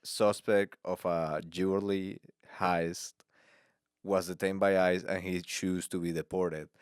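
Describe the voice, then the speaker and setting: Laughing man with a smooth voice. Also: low voice, little pitch movement, no echo, clean studio sound. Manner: halting, laughs often, switches into Spanish for bits. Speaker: podcast host. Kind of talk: casual podcast chat.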